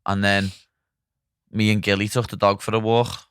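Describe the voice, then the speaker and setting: A young Liverpool man hosts a podcast in a blunt, sweary, joking way. His low voice comes across smooth and clear, recorded close and dry with no room sound. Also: little pitch movement, normal speed, fairly bright tone, dry recording. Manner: blunt, sweary, laughing banter. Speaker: podcast host. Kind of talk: casual banter.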